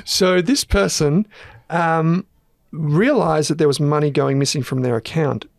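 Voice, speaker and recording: An Australian man hosts a relaxed finance podcast, joking and laughing between points. His voice sits a little high and carries a gravelly edge. The sound is close and dry, with no room around it. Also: dry recording. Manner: jokey, laughs often, quick asides. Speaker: podcast host, analyst. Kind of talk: casual chat.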